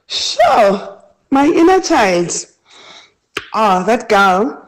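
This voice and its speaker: A woman's voice: a little high, very animated, very slow, poor audio. A woman calling in to a radio show, speaking in a reflective, heartfelt way. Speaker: radio caller. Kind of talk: call-in chat.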